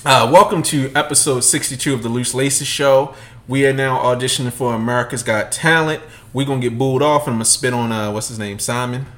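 A man in his thirties co-hosting a sneaker podcast, telling stories in casual, profane chat and acting out loud quotes. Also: medium pitch, fairly quick. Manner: animated, profane storytelling with loud acted-out quotes. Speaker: podcast co-host.

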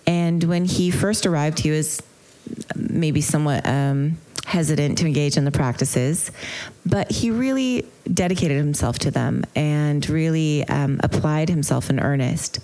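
A woman giving a retreat lecture on mindfulness as its teacher, telling a story in an earnest, reflective way with gentle hesitations. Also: deep voice.

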